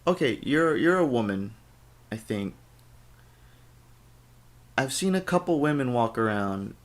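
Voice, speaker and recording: A man's voice: mid-range voice, expressive, unhurried. A man co-hosting a podcast in casual chat, rambling and joking, with cursing and playful quoted voices. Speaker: podcast co-host.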